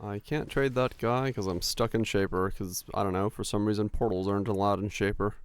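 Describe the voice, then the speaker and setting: A male streamer chats loosely while he plays, rambling through stories and laughing often. His voice is low and smooth, recorded dry and close. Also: fairly even intonation, fairly quick, no room sound. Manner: rambling, laughing storytelling with many fillers. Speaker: game streamer. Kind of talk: casual chat while gaming.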